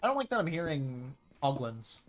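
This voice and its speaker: A man chatting casually while streaming a game live, rambling excitably and tripping over repeated words as he gets going. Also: mid-range voice, normal speed, slight background noise. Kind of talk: casual live gaming commentary.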